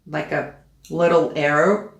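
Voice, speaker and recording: A woman's voice: low voice, fairly even intonation, measured pace. Woman piano teacher counting beats. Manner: counts beats aloud and checks in with "okay?". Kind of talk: play-along piano tutorial. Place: room with a piano. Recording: echoey room with loud piano. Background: piano playing.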